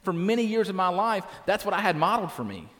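A man's voice: high-pitched, big pitch swings, fast talker, fairly bright tone, in a large hall. A man preaching a sermon as pastor, conversational and direct, often tagging his points with "right?". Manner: conversational, tags lines with "right?". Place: church.

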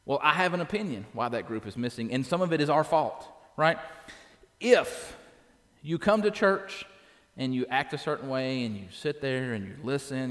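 Pastor in the pulpit, a man with a high voice, talking plainly to his congregation; church reverb on the sound. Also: moderate pace. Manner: conversational, tags lines with "right?". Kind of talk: sermon.

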